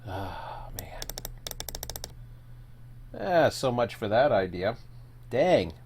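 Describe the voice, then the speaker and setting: A man with a lowish voice chats casually on a solo live stream, thinking aloud with fillers and self-corrections and sometimes eating as he goes. A little hiss or hum sits under the recording.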